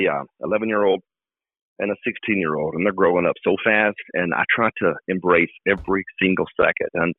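A middle-aged man, a political candidate giving fervent, emphatic answers in an interview. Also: sits low. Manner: fervent, emphatic, repetitive speechmaking. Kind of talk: campaign interview. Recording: dry tinny phone line.

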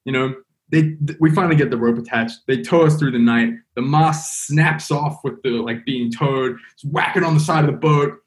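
Young male guest, rambling casual storyteller, mid-pitched voice. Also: normal speed. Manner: rambling, full of "like" and "you know".

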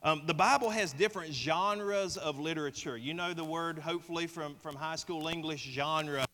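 A Southern man delivers a sermon in a folksy, joking way, often asking the congregation questions. His voice is bright and a bit high. A long reverb from the church hall trails behind his words. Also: normal speed. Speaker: pastor. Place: church sanctuary.

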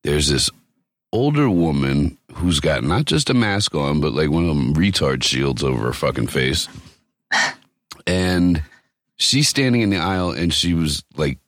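Deep, profane, animated man storyteller. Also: a little slow, no echo, studio quality. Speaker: podcast co-host. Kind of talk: casual chat.

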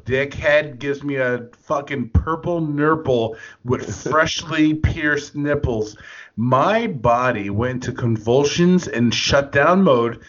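Male podcast co-host, unhurried crude banter, laughs a lot, muffled lo-fi sound. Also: mid-range voice, fairly bright tone. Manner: slow, laughing often, loose storytelling. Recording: dull lo-fi podcast audio.

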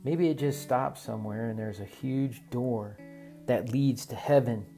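A man's voice: medium pitch, a little slow, mellow, natural voice. A curious, joking teenage boy, read by a male narrator in a near-natural voice, asking questions and teasing. Faint guitar plays underneath.

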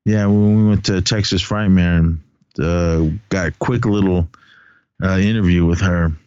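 Deep-voiced man chatting about movies. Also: fairly even intonation, a little slow, darkish tone, smooth, dry recording, muffled recording. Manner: rambling, laughs often, many fillers. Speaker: podcast co-host. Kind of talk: casual movie podcast chat.

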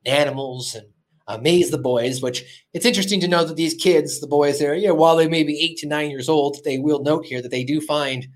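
A man hosting a casual podcast, recapping a cartoon episode in an animated, rambling way. His voice sits a little on the higher side, and he leans on fillers as he goes. The talk stays loose and conversational. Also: brisk. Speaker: podcast host.

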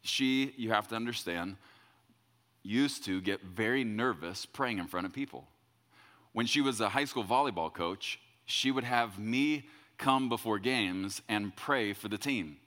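A man's voice: on the low side, a little slow, a bit bright, long reverb tail. A middle-aged man, a pastor, telling a story in a sermon in a loose, conversational way. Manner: conversational, repeats words when quoting himself.

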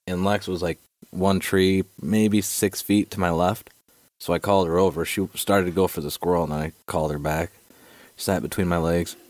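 Man, very low voice, dry close sound, casual profane storyteller, chatty podcast host. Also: normal speed, dry recording. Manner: profane, animated storyteller, fillers like dude and right.

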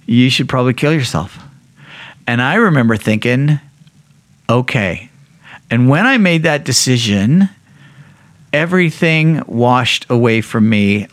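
A man's voice: a bit bright, no echo. A man recounts a hard chapter of his life in a candid, blunt way, swearing freely and restarting his sentences. When he quotes other people, his voice leaps sharply up or down. The sound is close and dry, with no room around it. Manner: blunt and profane, with frequent restarts; acts out quoted voices with big jumps in pitch. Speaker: podcast guest. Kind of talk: candid personal storytelling.

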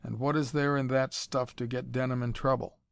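A man's voice: medium pitch, flat delivery, moderate pace, vocal fry, no room sound, clean studio sound, lightly acted. A man voicing an irritable young male physicist in an audiobook, speaking curtly and with annoyance. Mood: vexed. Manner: curt, annoyed.

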